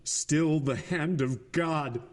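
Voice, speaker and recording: A man's voice: on the high side, very slow, voice pushed up. A man voicing a grief-stricken, frantic middle-aged magistrate in a storybook reading, with anguished, pleading outbursts.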